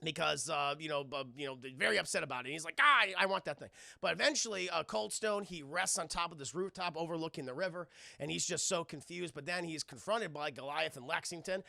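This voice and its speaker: A man recaps a cartoon for his live-stream chat, animated and profane. His voice sits high, with a heavy gravelly rasp and a bright edge. The sound is dry and close. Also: quick pace, hardly any pauses, no room sound. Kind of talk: casual live-stream commentary.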